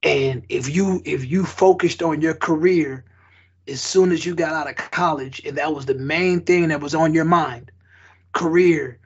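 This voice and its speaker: A husky man with a slightly raised pitch chats casually on a podcast, dropping slangy life advice and sports analogies. The audio is a little dull and lo-fi. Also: a little slow. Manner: laid-back, preachy life advice with slang and basketball analogies. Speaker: podcast co-host.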